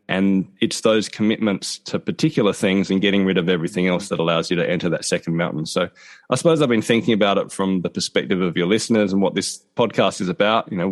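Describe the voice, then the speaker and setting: A man with a South Australian accent, a podcast guest giving thoughtful, measured answers over a video call. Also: sits low. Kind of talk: interview answers.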